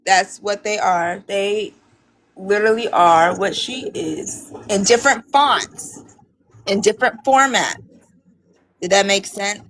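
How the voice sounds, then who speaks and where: Woman, casual livestream chat, chatty, playful, medium pitch, faint background noise. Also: slow pace, fairly bright tone, poor audio. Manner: chatty, playful, laughs often. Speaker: livestream co-host.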